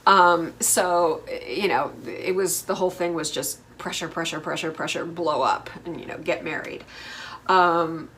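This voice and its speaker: A woman's voice: fairly low pitch, fairly even intonation, measured pace, a bit bright, slight background noise. A middle-aged woman from the United States hosting a casual TV recap, chatty and opinionated with lots of fillers. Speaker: host.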